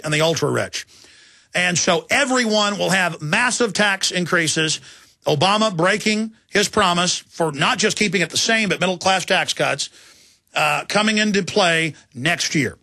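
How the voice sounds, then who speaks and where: A man's voice: high voice, sharp tone, no room sound, studio quality. A man in his thirties hosting a talk radio show, delivering an intense, emphatic, ranting political monologue.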